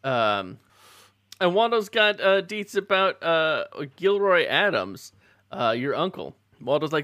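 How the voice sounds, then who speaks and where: A man reads a story aloud to friends in a casual session, his voice bright and lively as it rises and falls. He laughs often and stumbles a little with fillers and restarts. The sound is dry and close. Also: on the high side, takes it slowly, no room sound. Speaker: reader leading the group through the story. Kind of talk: casual group reading of a gamebook.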